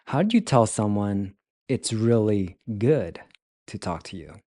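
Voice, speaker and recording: A man teaching pronunciation, breaking words into sounds and repeating them slowly and carefully. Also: lowish voice, very animated, dark tone, no echo, clean studio sound. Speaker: language teacher. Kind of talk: slow, careful pronunciation lesson.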